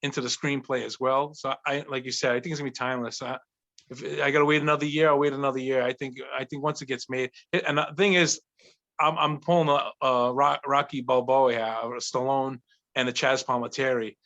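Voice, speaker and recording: A man in his forties from Providence, a guest telling stories in an eager, animated casual chat. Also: mid-range voice, brisk, dull audio. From Providence, Rhode Island. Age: 40s. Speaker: guest actor and writer.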